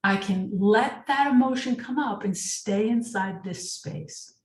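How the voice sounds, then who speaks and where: A woman coach teaches leadership in an emphatic webinar talk, often asking her audience rhetorical questions. Her voice is mid-pitched. It sounds echoey and a little distant from the mic. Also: a little slow.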